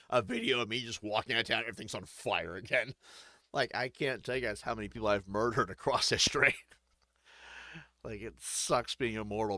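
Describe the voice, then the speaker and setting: A man's voice: fairly low pitch, bright, forceful tone, dry recording, clean studio sound. A man giving rambling, joking, profane let's-play commentary while playing a game. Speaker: gaming streamer.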